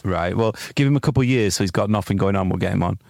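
Fast-talking man telling rambling stories. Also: sits low, creaky, a little mellow, no echo. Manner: rambling storyteller, casual swearing. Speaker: podcast co-host. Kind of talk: casual comedy chat.

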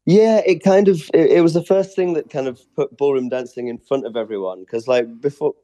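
A man's voice: medium pitch, a little fast, dark tone, no echo. A man from England, a stage performer being interviewed, chatting casually and laughing easily.

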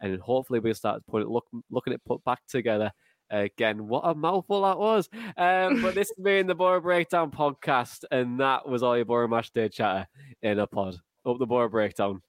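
A man hosts a fan podcast in a jokey, chatty way, laughing easily. His voice sits mid-pitch and is recorded dry and close. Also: moderate pace, dry recording. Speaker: podcast host. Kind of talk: casual podcast chat.

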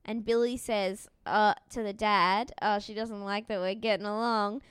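A woman co-hosting a casual chat, recapping a show with animated storytelling, acting out quoted lines and swearing freely. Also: mid-range voice, normal speed, clear, resonant tone, no echo. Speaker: podcast co-host.

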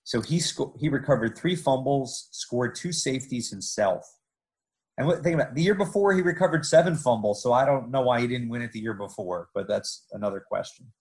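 A man hosting a podcast, narrating sports history in a lively way with joking asides. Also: mid-range voice, brisk, rough recording.

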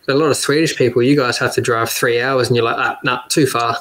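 A man with an Australian accent, a guest kart driver talking casually on a podcast, relaxed and quick to laugh. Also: medium pitch, low-quality recording. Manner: relaxed, laughs often, repeats words.

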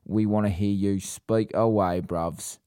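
A man co-hosting a casual podcast, with a low voice and an easygoing way of talking. The recording is dry and close, without room sound. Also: a little slow, clean tone, no echo. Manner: relaxed, explains at length, reads the outro. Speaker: podcast co-host. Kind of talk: casual chat.

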